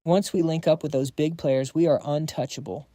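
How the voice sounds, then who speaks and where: A man's voice: fairly high pitch, fairly even intonation, moderate pace, dark tone, no echo, lightly acted. A man voicing a sly scheming uncle. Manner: sly, snapping.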